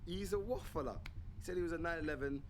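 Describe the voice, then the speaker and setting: A man's voice: fairly high pitch, fast, a little hiss or hum. A man on a panel, mocking the contestants in casual joking commentary.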